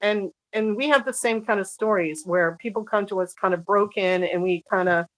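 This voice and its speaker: A woman with a mid-pitched voice talks earnestly in a relaxed interview, pausing often to find her words. The sound is close and dry. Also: no echo, poor audio. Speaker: guest author. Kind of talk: casual conversational interview.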